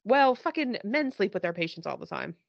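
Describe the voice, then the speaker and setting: A woman's voice: medium pitch, big pitch swings, brisk, gravelly, dry recording. A woman hosting a podcast, casually chatting as she recaps a TV show, laughing often and swearing as she retells scenes. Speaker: podcast host. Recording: dull lo-fi dry recording.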